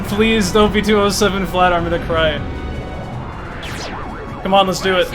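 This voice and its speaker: A young man streaming a speedrun, pleading and swearing at the game, then cheering excitedly. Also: sits high, moderate pace. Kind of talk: live gameplay commentary. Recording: game music behind.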